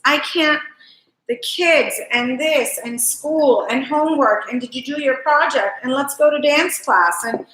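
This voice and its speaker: This cooking host's voice is high-pitched, bright and forceful. She rambles affectionately to viewers of her live stream while working in her home kitchen, where the sound echoes.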